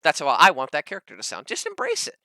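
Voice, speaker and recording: A man co-hosting a casual panel chat as a dungeon master, talking in an animated, emphatic way with lively jumps in pitch. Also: fast talker, creaky, dry recording. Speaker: podcast co-host, dungeon master.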